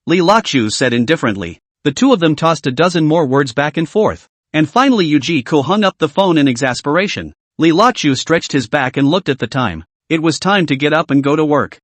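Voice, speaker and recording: A man narrating a story recap in a steady, scripted storytelling manner. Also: on the high side, normal speed, dry recording.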